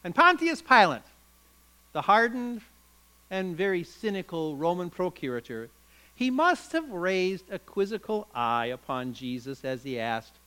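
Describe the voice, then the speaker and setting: Bright-voiced man preaching a dramatic sermon. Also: high-pitched, sing-song, unhurried, clear, resonant tone, rough recording. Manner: dramatic storytelling, emphatic.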